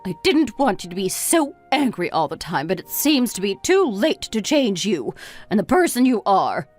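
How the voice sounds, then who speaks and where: A woman's voice: mid-range voice, very animated, moderate pace, soft background music. An actress playing a bitter, reproachful middle-aged mother in a scripted text-story drama, lecturing her grown son.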